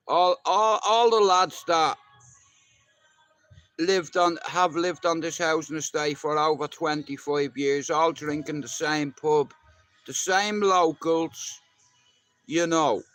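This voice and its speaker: A man's voice: fairly high pitch, takes it slowly, long pauses, fairly bright tone, soft background music. A middle-aged Irish man chatting casually to live viewers, swearing freely as he rambles through stories. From Ireland. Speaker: livestream host.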